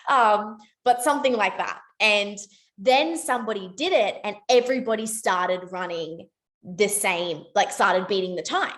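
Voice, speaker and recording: A young woman with a medium-pitched voice gives a casual motivational talk to her sales team as a network marketing team leader. She's chatty and rambling, saying "like" a lot and correcting herself quickly.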